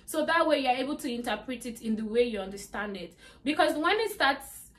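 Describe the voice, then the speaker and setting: A woman's voice: sits high, expressive, brisk, fairly bright tone. A young woman giving exam tips in a chatty vlog, with lots of "like" and "you know". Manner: chatty, repeats "like" and "you get me". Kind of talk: casual talk to camera.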